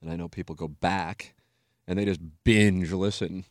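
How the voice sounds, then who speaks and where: A man's voice: low voice, steady tone, normal speed, no echo. A man hosting a podcast in a studio, chatting casually, joking and swearing freely. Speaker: podcast host.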